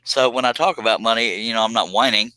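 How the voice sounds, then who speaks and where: Bright-voiced joking man on a live stream. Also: lowish voice, fast talker, clean tone, no room sound. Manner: joking and self-deprecating, says "by God"; talks while working on a cut. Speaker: host of a woodworking live stream. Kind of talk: casual live-stream chat.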